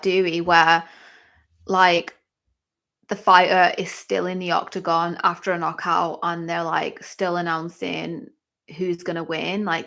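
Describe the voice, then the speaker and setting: A woman hosting a live fight-watching stream, chatty and excitable, with lots of exclamations and fillers. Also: on the low side, vocal fry. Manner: chatty, filler-heavy talk. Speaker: livestream host.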